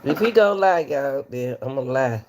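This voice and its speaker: A woman hosting her own channel and talking straight to viewers in casual commentary, unhurried and full of folksy asides. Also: extremely low pitch, lively intonation, darkish tone, slight background noise. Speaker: commentary host.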